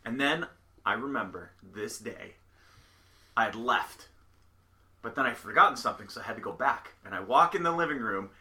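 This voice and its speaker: A man in casual chat, rambling and restarting, then animated when telling stories. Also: medium pitch, normal speed, long pauses.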